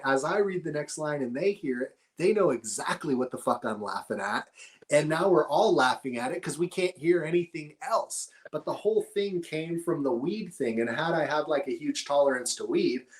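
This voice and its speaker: A middle-aged man from Northern California, a cannabis grower appearing as a podcast guest, tells stories in a laid-back, rambling, profane way. His voice is fairly high and animated, moving at a normal speed, in casual conversational storytelling.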